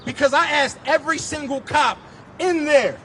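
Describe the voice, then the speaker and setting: A man giving impassioned personal testimony at an outdoor street rally, telling his story intensely and rising at times to shouts. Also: very high voice, moderate pace, soft background music.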